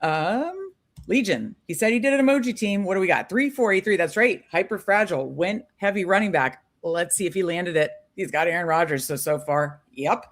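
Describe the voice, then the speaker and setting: A woman's voice: on the low side, lively intonation, moderate pace. A woman co-hosting a live stream, chatting casually and upbeat with many fillers. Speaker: podcast co-host.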